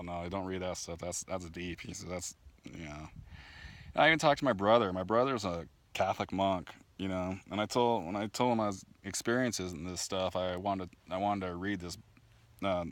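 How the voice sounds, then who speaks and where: A man telling the story of his spiritual journey to a camera outdoors. He rambles with fillers and restarts, laughs often, and grows animated when he is annoyed. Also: low-pitched, dry recording. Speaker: vlogger sharing spiritual testimony. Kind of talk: casual personal storytelling to camera. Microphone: camera mic.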